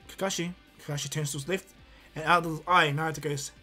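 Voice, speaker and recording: A man's voice: a little high, steady tone, fast talker, pushed and bright, soft background music. A man improvising a fan fiction story aloud, rambling with many fillers and restarts.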